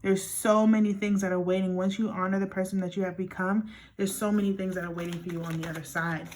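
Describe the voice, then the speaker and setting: A young woman doing a pick-a-card tarot reading, speaking straight to her viewers in an earnest, encouraging way. She talks fast and often restarts her sentences, and her voice sits at a medium pitch. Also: flat delivery, darkish tone, slight background noise. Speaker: tarot reader.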